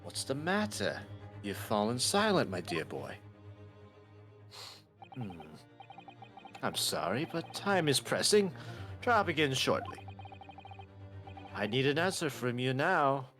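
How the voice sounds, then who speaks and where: A brusque older male chief justice with a put-on British accent, taunting and impatient, voiced by a game host. The delivery swings widely in pitch, with faint music behind. It is a casual fan dub of a courtroom game. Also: sing-song, takes it slowly, pauses often, a bit bright. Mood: mocking. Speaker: game show host voicing characters.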